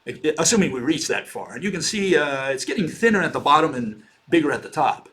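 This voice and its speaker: A man's voice: a little high, very animated, fast, fairly bright tone. A man giving an informal slide lecture, loose and conversational, with frequent fillers and "okay".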